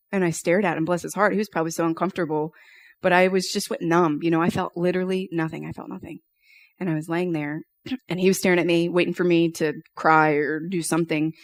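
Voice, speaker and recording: Woman, young adult, low pitch, dry recording, church testimony, casual storytelling. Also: no room sound. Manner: conversational storytelling, many fillers. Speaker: church member giving testimony.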